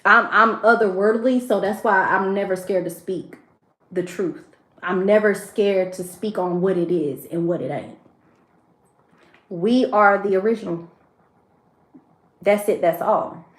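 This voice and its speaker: A woman's voice: medium pitch, measured pace, long pauses, a bit bright. Woman w/ doing a spiritual tarot stream, gets emotional, talks right to her viewers, roomy echo. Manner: emotional, preachy, speaks to viewers directly. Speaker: tarot reader.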